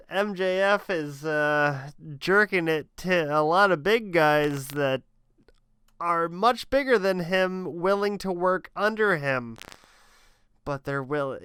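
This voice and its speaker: A man speaking slowly and deliberately, with a smooth, clean voice, in a dry close-up recording. His commentary is sarcastic and mocking, full of deadpan asides. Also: high-pitched, dry recording. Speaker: commentator reacting to a clip.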